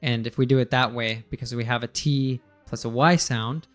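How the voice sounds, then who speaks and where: A man explains pronunciation in a casual, friendly chat and laughs easily. His pitch sits in the middle range. Faint music plays underneath. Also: steady tone, normal speed. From United States. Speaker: English teacher.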